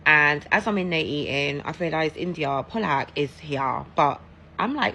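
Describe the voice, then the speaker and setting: A woman's voice: low-pitched, animated, normal speed, sharp tone. A woman with an English accent telling a casual, chatty story-time in an emphatic, gossipy way. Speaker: social media storyteller.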